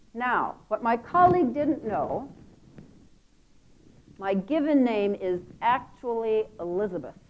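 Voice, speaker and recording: Woman conference speaker, slightly high, animated storyteller with playful asides; dull lo-fi recording. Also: slight background noise. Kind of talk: conference talk. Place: conference hall.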